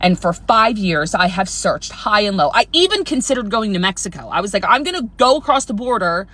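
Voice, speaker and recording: A woman's voice: medium pitch, sing-song, fairly quick, a bit bright, dry recording. A woman telling a heavy personal story, overwhelmed and close to tears, earnest and rambling, cursing for emphasis. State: on the verge of tears.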